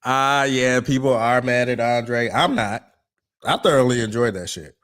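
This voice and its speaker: A man's voice: medium pitch, unhurried, a bit bright. A man co-hosting a casual podcast chat, blunt, laughing often and swearing freely. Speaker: podcast co-host.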